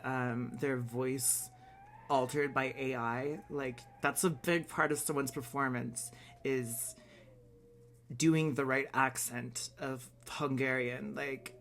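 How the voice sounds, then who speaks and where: A man's voice: mid-range voice, a bit bright, a little hiss or hum. Blunt, opinionated man vlogging. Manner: swears casually. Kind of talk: casual reaction vlog.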